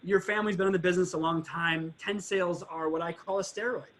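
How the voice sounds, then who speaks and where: A man's voice: sits high, fairly even intonation, fast, fairly bright tone, a little hiss or hum. A man hosting a podcast, telling stories animatedly in casual interview chat and swearing freely. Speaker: podcast host.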